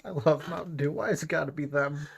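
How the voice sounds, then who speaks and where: Wisecracking man with a high voice. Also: steady tone, quick pace, gravelly, husky. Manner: dry, wisecracking, pushing back on his co-host. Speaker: podcast co-host. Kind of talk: casual chat.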